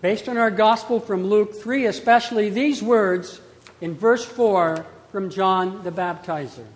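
High-voiced slow preaching pastor man. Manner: measured preaching with emphatic pauses. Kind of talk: sermon. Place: church sanctuary. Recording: long church reverb.

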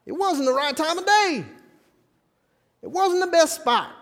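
A man voicing an excitable old-timey Wild West fisherman in a folksy drawl, telling a first-person story during a sermon. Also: very high-pitched, a little slow, in a large hall, voice pushed up, exaggerated voice. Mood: excited.

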